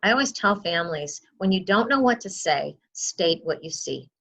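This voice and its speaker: A woman's voice: on the low side, lively intonation, moderate pace, creaky, fairly bright tone. A woman who works as a memory outreach specialist, giving earnest advice in an interview and acting out what a caregiver might say.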